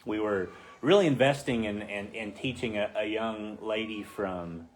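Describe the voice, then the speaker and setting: A man leading a casual Bible study, acting out the quoted voices with rising pitch. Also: measured pace, slight background noise.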